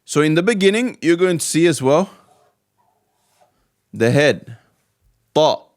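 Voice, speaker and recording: An Arabic teacher, a man with a fairly high, sing-song voice, takes his time walking through the alphabet. He patiently repeats each letter sound in a slow, step-by-step lesson.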